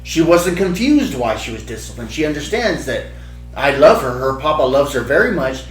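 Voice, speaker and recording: A middle-aged man, a podcast host, telling a family story casually and acting out the voices he quotes. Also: normal speed. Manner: animated, acts out quotes in a high child voice. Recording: echoey room with faint music.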